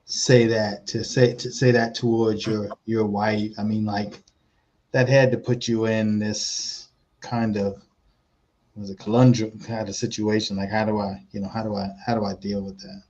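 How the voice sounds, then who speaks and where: A male podcast host asks his guest a long, winding question, padded with fillers. His voice is low and flat, he speaks slowly, and the sound is dull and lo-fi. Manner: thoughtful, rambling questions with many fillers. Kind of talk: interview questions.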